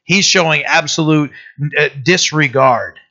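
A man preaching in a church, his voice bright and forceful and pitched a little high. He reads scripture and breaks into emphatic, chatty asides. The recording is dull and lo-fi. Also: measured pace, gravelly. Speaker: pastor. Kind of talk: sermon with scripture reading.

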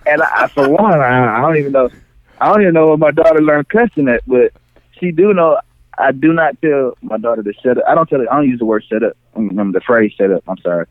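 A man's voice: medium pitch, expressive, quick pace, no echo. Guy rambling about his kids, dry tinny phone-like sound. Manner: rambling, restarts often. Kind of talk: casual chat.

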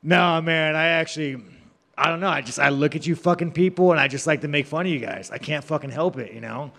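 A professional fighter answers reporters in a media scrum with rambling, profane, mocking replies. His voice is on the high side, fairly quick, sharp, and has vocal fry, in a reverberant room.

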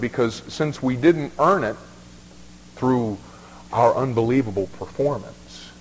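A man's voice: mid-range voice, a little slow. A male pastor preaching a sermon in a folksy, emphatic way, often repeating words as he restarts. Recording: long reverb of a large hall.

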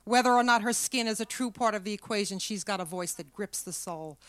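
A woman's voice: mid-range voice, a little fast, dry recording, close to an everyday voice. A woman reading aloud, voicing a dreamy grown daughter who speaks with fervent reverence. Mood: insistent.

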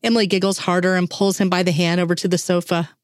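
A woman reading fan fiction aloud in a steady, unhurried way. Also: lowish voice, dry recording, studio quality. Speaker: reader.

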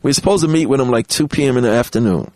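A man guesting on a podcast, telling an anecdote in an animated, profane way and acting out the quotes. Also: mid-range voice, very fast, dry recording. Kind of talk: storytelling anecdote.

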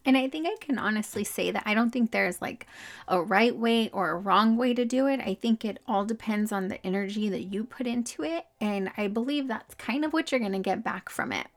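Young woman, podcast host, casual chat, upbeat, mid-pitched voice. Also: a little fast, faint music behind. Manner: chatty, upbeat, laughs often, many fillers. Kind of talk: casual solo podcast talk.

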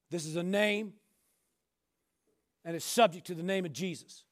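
A man preaching a sermon as pastor, emphatic, with repeated rhetorical questions that build up to shouting. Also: high-pitched.

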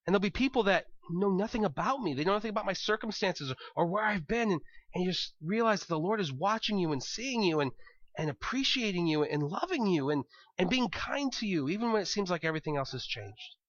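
A man preaching a sermon in a chatty, thinking-aloud way, often doubling his words as he goes. His voice sits high and rings bright. The sound is dry and a bit dull. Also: expressive, a little fast, no room sound. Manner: conversational, repeats words as he thinks. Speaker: pastor.

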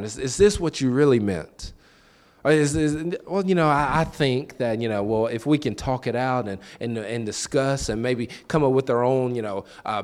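A man preaching a sermon in a loose, conversational way, asking the listeners questions and acting out quoted voices. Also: medium pitch. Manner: conversational, repeats words and acts out quoted voices.

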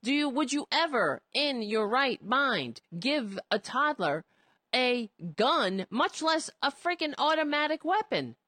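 A woman's voice: high-pitched, big pitch swings, unhurried, sharp tone, no echo. A woman giving casual political commentary, indignant and sarcastic, rambling with frequent restarts. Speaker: commentary host.

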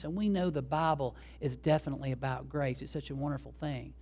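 Animated pastor, higher-pitched man. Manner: animated, acts out quoted dialogue with raised voice. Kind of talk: sermon.

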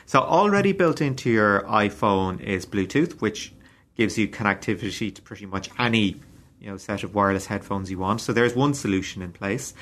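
A man co-hosting a chat show, laying out the other side of the argument in a measured, patient way. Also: lowish voice, expressive, fairly bright tone. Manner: measured, patient, plays devil's advocate. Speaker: co-host. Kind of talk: casual debate chat.

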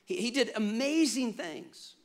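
A pastor in his 40s, about to turn fifty, preaches a lively, humorous sermon and calls on the congregation to respond. His voice is very high-pitched, at a measured pace.

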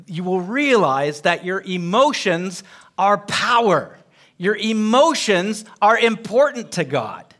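A man's voice: high voice, very animated, slow, a bit bright. A man teaching a Bible lesson to a group, emphatic, often putting questions to his listeners.

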